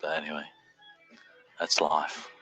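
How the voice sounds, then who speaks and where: A middle-aged Australian man chatting casually as host of a live stream, laid-back and quick to greet viewers. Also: extremely low pitch, completely flat delivery, pushed and bright, soft background music, low-quality recording.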